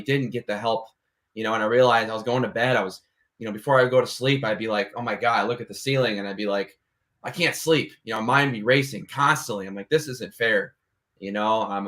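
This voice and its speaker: A man's voice: lowish voice, fairly bright tone. Earnest young man on a panel. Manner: casual, earnest, fills with "right?" and "you know". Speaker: panel speaker. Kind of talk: motivational panel talk. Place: online video call.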